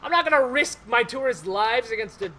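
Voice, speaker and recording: A man's voice: very high voice, animated, a little fast, pushed and bright, full character voice. A man voicing a stubborn, prejudiced male dwarf mine boss in a tabletop game, blustering and indignant.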